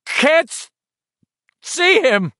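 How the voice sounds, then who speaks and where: A man voicing an exhausted grown man who shouts and stammers in the dark. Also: very high-pitched, very animated, drawn-out words, dry recording, studio quality, pitched above the performer's own voice, heavily acted. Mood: desperate.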